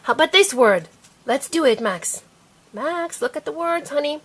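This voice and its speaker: A woman with a high voice gives a reading lesson at home. She is patient and coaxing, and she stretches each letter sound slowly so a small child can copy it. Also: lively intonation, a bit bright. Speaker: parent teaching her child to read.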